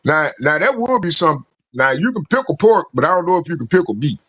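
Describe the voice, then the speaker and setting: A man calling in to a stream, chatting and telling rambling stories with animated laughter. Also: fairly high pitch, a little fast. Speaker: regular caller on a call-in stream. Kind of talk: casual chat and storytelling. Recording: muffled lo-fi call audio with fan noise.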